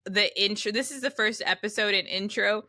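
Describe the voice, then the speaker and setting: A young woman co-hosting a podcast, chatting casually about a TV episode and acting out lines with an animated manner. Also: medium pitch, a little fast. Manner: animated, laughing, acts out quotes. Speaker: podcast co-host. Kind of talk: casual chat recapping a TV episode.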